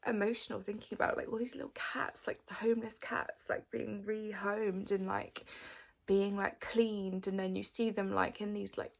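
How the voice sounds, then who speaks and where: A chatty woman in her thirties with a gravelly, fry-tinged voice answers her followers' questions. She fills her talk with "like" and now and then slips into a soft whisper. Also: mid-range voice, little pitch movement, moderate pace. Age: 30s. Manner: chatty, frequent "like" fillers, drops to whispers. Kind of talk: casual chat.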